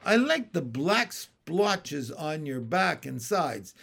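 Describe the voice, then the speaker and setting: A man's voice: on the high side, big pitch swings, takes it slowly, creaky, fairly bright tone, exaggerated voice. A man reading a storybook aloud and voicing a patient, bossy female pond frog who lectures in a teacherly way.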